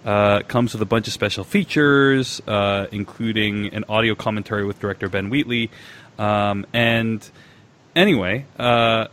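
A man's voice: on the low side, normal speed, a bit bright. A man hosting a podcast, chatting casually and reading a listener's email aloud, with many filler sounds. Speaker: podcast host.

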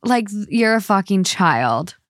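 A young woman hosting a podcast in casual chat, blunt and quick to swear. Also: medium pitch, very animated, no room sound, clean studio sound. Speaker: podcast host.

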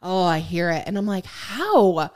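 Podcast co-host, woman, smooth clear voice, chatty and casual. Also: medium pitch, normal speed. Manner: chatty, reads out news items with filler words. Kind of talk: casual chat.

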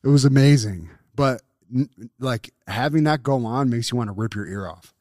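A middle-aged man co-hosting a podcast in casual chat, relaxed and swearing, with dry humor. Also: mid-range voice, moderate pace, dry recording. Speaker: podcast co-host.

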